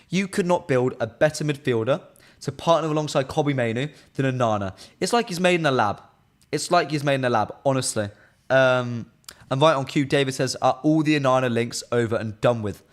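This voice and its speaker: Chatty, opinionated male football streamer. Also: medium pitch. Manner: chatty, opinionated, frequent fillers. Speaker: football fan channel presenter. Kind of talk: live-stream football chat, reading viewer comments.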